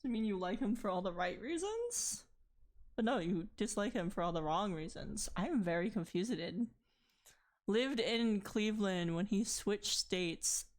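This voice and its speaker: A woman's voice: mid-range voice, expressive, measured pace. A woman streaming while she draws, chatting casually with a friend and her chat, laughing often and swearing freely. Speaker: art streamer.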